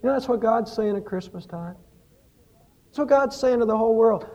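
A pastor preaching a sermon, telling stories and rising and falling in emphasis. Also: male voice, high voice, expressive, moderate pace, darkish tone, muffled recording.

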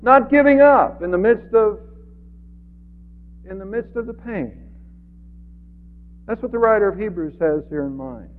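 A man preaching an earnest sermon as pastor, swinging from loud emphasis to quiet. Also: sits high, lively intonation, measured pace, long pauses. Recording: phone-like radio broadcast with long reverb.

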